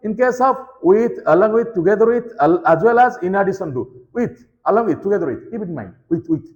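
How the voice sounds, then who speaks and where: A man's voice: high voice, expressive, fairly quick, darkish tone, muffled recording. A man teaching a grammar lesson, repeating key points and often checking if students follow. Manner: repetitive, checks understanding with "okay?". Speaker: English teacher.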